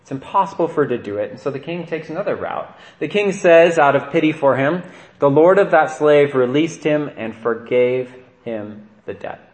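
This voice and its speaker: A man, a priest, giving a conversational sermon and often checking in with "right?". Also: on the high side. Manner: conversational preaching with frequent "right?" asides. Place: church. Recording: echoey church room.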